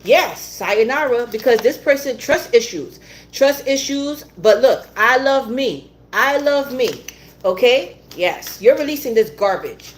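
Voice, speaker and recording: A woman's voice: fairly high pitch, animated, a little slow, a little hiss or hum. A woman giving a tarot reading in a blunt, repetitive way, swearing now and then. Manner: blunt, swears, repeats herself, laughs often. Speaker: tarot reader.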